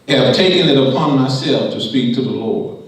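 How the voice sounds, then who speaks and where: A man preaching a sermon, reading scripture and paraphrasing it in a lively, conversational way. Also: medium pitch, moderate pace. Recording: echoey room from far off.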